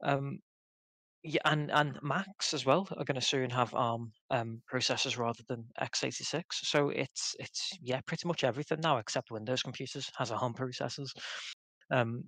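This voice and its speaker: A man's voice: mid-range voice, moderate pace, sharp tone, dry recording. Bantering man, dry close mic. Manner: stubborn, playful banter with frequent laughs. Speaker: podcast co-host. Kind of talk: casual chat.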